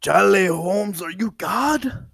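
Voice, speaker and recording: Brief: a man as a nervous, gullible cholo sidekick, raised pitch, says Holmes a lot. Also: expressive, slow, gravelly, a bit bright, husky, no echo, studio quality, heavily acted. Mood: easygoing. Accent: put-on Chicano English. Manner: gullible, nervous, calls his friend Holmes. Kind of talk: comic role-play over gameplay.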